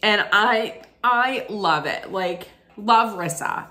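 Slow-talking tearful woman vlogger. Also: medium pitch, expressive, sharp tone, a little hiss or hum. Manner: gushing, sentimental, rambling with many restarts. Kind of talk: casual unboxing vlog.

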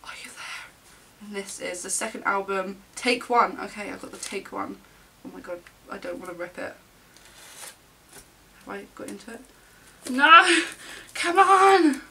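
A young woman vlogger gushing and gasping with excitement as she unboxes albums on camera. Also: mid-range voice, normal speed, vocal fry, pauses often, far from the mic.

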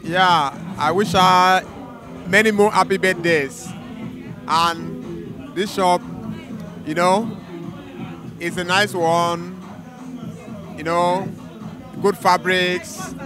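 A man attending a party offers his wishes in a halting way, filling pauses with "you know". His voice is high and his pace slow. Clear music plays behind him. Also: fairly even intonation. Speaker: party guest.

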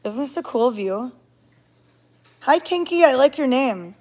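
Holding her phone as she livestreams from an indoor cat sanctuary, a woman chats casually, welcomes viewers by name and coos over the cats. She speaks at normal speed in a slightly high, a little mellow voice.

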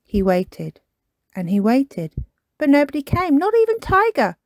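A woman reading a children's picture book aloud in an expressive, animated way as a storytime host. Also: high-pitched, measured pace, dry recording. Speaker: storytime reader.

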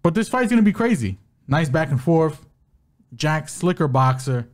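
A man's voice: on the high side, normal speed. A man co-hosting a podcast, chatting casually and loosely, with plenty of slang. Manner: loose, animated, uses slang. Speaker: co-host. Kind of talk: casual betting podcast chat.

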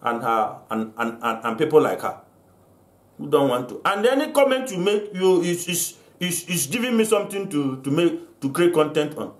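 A man's voice: a little high, sing-song, normal speed. An older man from Africa delivering an angry vlog rant, accusing and full of repeated restarts. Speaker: vlogger. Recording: roomy echo.

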